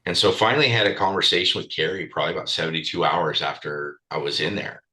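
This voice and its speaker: A man's voice: sits low, fast talker, sharp tone, low-quality recording. A man speaking as a podcast guest, telling a candid personal story bluntly, swearing freely and with raw emotion.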